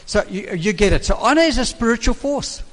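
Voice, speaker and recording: A man's voice: very high-pitched, animated, fairly quick. An older man, a minister, teaching in an emphatic preaching manner and repeating key phrases. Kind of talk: sermon-style teaching. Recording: reverberant hall.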